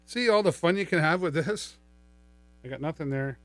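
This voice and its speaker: A man's voice: on the high side, lively intonation, moderate pace, loud music behind the voice. Upbeat middle-aged male live-stream seller. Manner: upbeat salesman chatter, playful. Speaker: live shopping host. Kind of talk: live-stream product demo. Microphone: studio microphone through a mixer.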